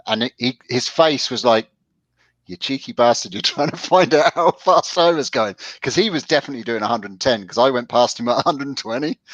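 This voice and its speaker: Casual male co-host, low voice, dry dull lo-fi sound, rambling anecdotes. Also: fairly bright tone, no echo. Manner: storytelling, stop-start with restarts. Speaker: podcast co-host. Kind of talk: casual chat.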